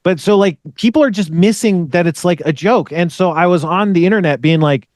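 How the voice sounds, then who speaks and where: High-voiced, ranting podcast host. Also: male voice, a little fast, darkish tone, dry recording, clean studio sound. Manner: rambling, profane, ranting. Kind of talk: casual podcast chat.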